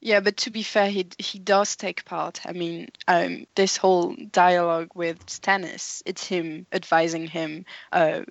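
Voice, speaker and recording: A woman co-hosting a podcast, talking through a book in a thoughtful, measured way with small restarts. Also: lowish voice, little pitch movement, creaky, no echo. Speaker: podcast co-host. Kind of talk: casual book discussion. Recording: dry, slightly dull audio.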